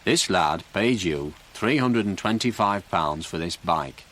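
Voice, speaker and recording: A man reading a storybook, voicing a calm, stern police sergeant in a lowered voice. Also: a little slow, full character voice.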